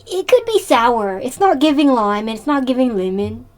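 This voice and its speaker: Chatty woman streamer, slightly high voice. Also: big pitch swings, moderate pace. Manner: chatty and playful, answers chat, laughs often. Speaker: live streamer. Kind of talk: casual live-stream chat.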